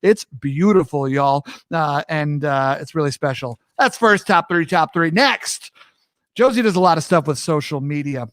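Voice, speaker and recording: A lively man hosts a live-streamed show, talking straight to his viewers and calling them his friends. His voice sits fairly high for a man and comes through a close mic with no room echo at all. He grew up on the US East Coast. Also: normal speed. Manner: energetic, chatty, addresses viewers as friends. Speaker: host.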